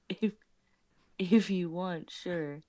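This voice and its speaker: A woman co-hosting a casual live stream, soft-spoken and quick to laugh. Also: fairly low pitch, no echo, clean studio sound. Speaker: co-host and story reader.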